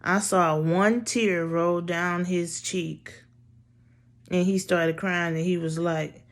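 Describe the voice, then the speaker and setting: Woman vlogger, slow and low, blunt and profane, storytelling to camera. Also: fairly even intonation. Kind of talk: casual storytelling.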